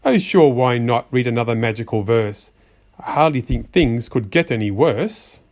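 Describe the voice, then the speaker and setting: A man's voice: mid-range voice, expressive, moderate pace, darkish tone, voice pushed down, close to an everyday voice. A man voicing a fussy magician's white rabbit that scolds a child in rhyme, exasperated and sing-song. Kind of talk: rhyming storybook reading.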